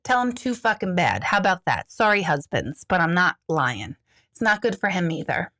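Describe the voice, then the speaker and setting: A woman's voice: big pitch swings, normal speed, a bit bright. A middle-aged woman, an intuitive coach, talking casually and bluntly while she answers viewer questions. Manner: chatty and blunt, jumps into high panicky voices for quoted thoughts. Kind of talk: casual live talk.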